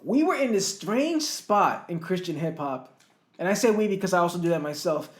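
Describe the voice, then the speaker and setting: Guy with a high voice rambling on a podcast, lots of restarts, sounds like an echoey room. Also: expressive, normal speed. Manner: rambling storyteller, restarts and chuckles. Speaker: podcast co-host. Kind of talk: casual chat.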